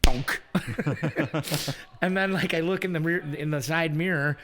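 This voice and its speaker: A man's voice: on the high side, takes it slowly, a bit bright. A man co-hosting a podcast, telling a story in a laid-back, rambling way, recorded in a bar. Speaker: podcast co-host. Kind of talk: casual chat, storytelling.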